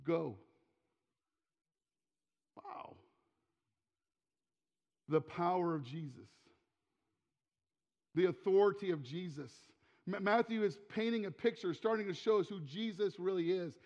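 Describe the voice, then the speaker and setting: A pastor in his forties preaching a sermon in a church sanctuary, emphatic and given to repeating words, often dropping to a quiet, intimate tone. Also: high voice, measured pace, long pauses. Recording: long hall reverb, dull lo-fi sound.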